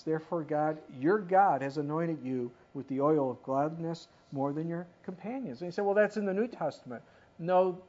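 Male pastor, fairly high voice, emphatic sermon delivery with lively asides; dull lo-fi recording. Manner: emphatic, rises to sudden animated asides. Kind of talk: expository sermon.

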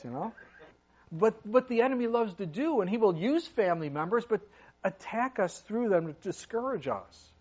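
A man's voice: high-pitched, animated, normal speed, a little mellow, lo-fi sound. A middle-aged man preaching a sermon in a conversational way, with asides and sudden emphatic rises. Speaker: pastor.

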